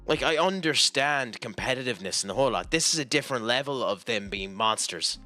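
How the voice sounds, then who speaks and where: A man's voice: medium pitch, lively intonation, fairly quick, sharp tone, soft background music. A man with an Irish accent giving casual, profane commentary while playing a game, ranting in exasperation. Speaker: gaming channel host.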